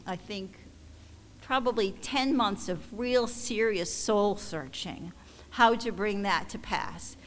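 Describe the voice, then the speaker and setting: A woman speaks in a hall with a long reverb and a faint hiss of noise underneath. She talks slowly in a middle register, stopping and restarting as her feelings rise. It sounds like a church testimony from a ministry leader to her supporters. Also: medium pitch. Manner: halting and emotional, with many restarts.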